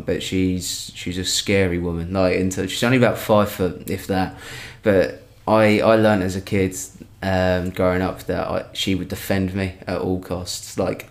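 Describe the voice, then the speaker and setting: A young man tells a story in a relaxed, chatty way. His voice sits on the low side, and he keeps restarting and correcting himself as he goes. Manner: rambling, self-correcting anecdote telling. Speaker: comedian guest. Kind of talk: casual storytelling.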